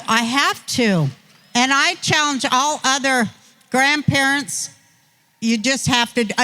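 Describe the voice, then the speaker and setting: An older woman spins a rambling, folksy yarn, taking her sweet time over every phrase. Her tone is bright and sharp-edged. She drifts through asides with a self-mocking, chatty air. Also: fairly high pitch. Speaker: guest. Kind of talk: rambling anecdotal storytelling.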